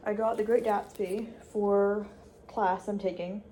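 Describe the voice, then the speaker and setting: Young adult woman, casual dorm-room vlogger, chatty and rambling, mid pitch, faint noise under. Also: steady tone, warm tone. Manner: chatty, with restarts and quick asides. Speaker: college student vlogger. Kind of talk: casual vlog chat.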